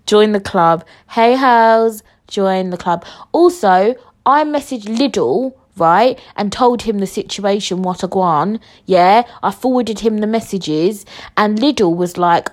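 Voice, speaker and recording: A young woman tells a story on her podcast. Her voice sits at a middle pitch as she talks in a brash, jokey, rambling rant. She swears freely, with a loud, cheeky, unfiltered delivery. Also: animated, takes it slowly. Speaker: podcast host. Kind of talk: casual story-time monologue.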